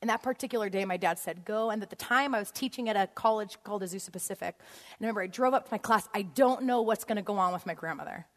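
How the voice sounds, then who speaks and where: A woman giving a storytelling sermon in a church auditorium, animated and laughing often as she acts out scenes. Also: mid-range voice, fast talker. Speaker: guest speaker. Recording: long hall reverb.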